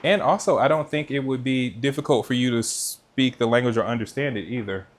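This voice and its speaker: A man hosts a live cooking stream from a kitchen in a relaxed, chatty way, turning to his viewers and reading out their comments as he works. His voice sits at an ordinary middle pitch. He speaks into a mic with noise cancellation. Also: fairly quick. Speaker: cooking livestream host. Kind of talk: casual live chat while cooking.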